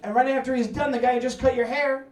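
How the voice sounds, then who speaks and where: A man doing a stand-up comedy set, energetic and profane with loud, punchy outbursts. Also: very high-pitched, fast, very noisy. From United States. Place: New York apartment with live audience. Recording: echoey room, mic at distance, audience laughter.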